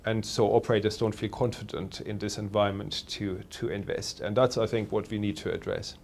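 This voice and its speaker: Hesitant analyst man, low voice. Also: flat delivery, gravelly, slight background noise. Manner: measured, hesitant, many fillers. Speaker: telecoms analyst. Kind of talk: interview answers.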